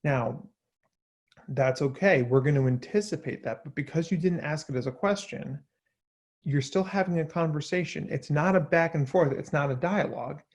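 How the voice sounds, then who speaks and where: A man's voice: a little high, normal speed, a little mellow. Earnest man giving parenting advice. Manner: earnest and self-deprecating, acts out quoted requests. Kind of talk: reading a blog post aloud, informal asides.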